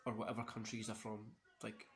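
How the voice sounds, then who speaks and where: A man's voice: on the low side, monotone, a little fast, a bit bright. Chatty Scottish man commentating casually. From Scotland. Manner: chatty and rambling, laughs often, local words like wee and yous. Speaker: wrestling watch-along host. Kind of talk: casual commentary while watching.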